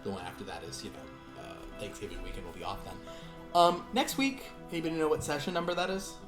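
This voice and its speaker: A man hosting a tabletop horror show and signing off in a relaxed, playfully spooky way. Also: fairly high pitch, fast talker, reverberant, soft background music. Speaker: host and game master. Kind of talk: stream sign-off chat.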